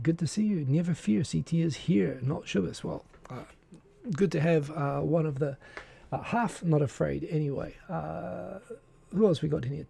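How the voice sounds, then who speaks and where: A man's voice: on the high side, normal speed, vocal fry, warm tone, slightly rough. A man hosting a casual live stream, chatting and greeting viewers by name with frequent fillers.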